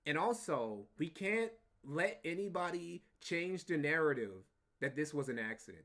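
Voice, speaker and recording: A man's voice: fairly high pitch, sing-song, normal speed, a bit bright. A man streaming live, giving casual, profane, mocking commentary and repeating points for emphasis. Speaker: streamer reacting to clips.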